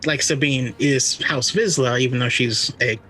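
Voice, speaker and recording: A man's voice: mid-range voice, moderate pace, pushed and bright, faint music behind. A man co-hosting a podcast, eagerly explaining lore and correcting himself as he goes. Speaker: podcast co-host. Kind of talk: casual chat.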